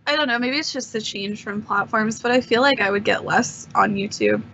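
Playful giggly woman on a call, kinda high voice, muffled lo-fi sound w/ faint hiss. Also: fairly quick, pushed and bright. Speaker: guest. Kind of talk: casual live-stream banter. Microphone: online call. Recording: dull lo-fi remote call audio.

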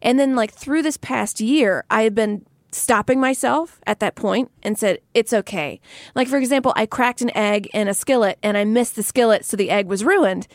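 A woman's voice: on the high side, normal speed, few pauses, dry recording. Woman podcast cohost, chill and reflective, swears a bit, dry close mic sound. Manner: reflective, candid, swears casually. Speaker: podcast co-host. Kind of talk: casual chat.

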